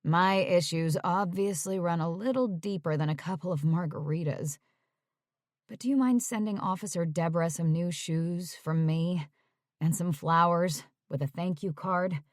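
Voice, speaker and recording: A woman voicing a hungover young actress who mumbles in a low voice. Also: moderate pace, no echo, clean studio sound, close to an everyday voice. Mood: soothing.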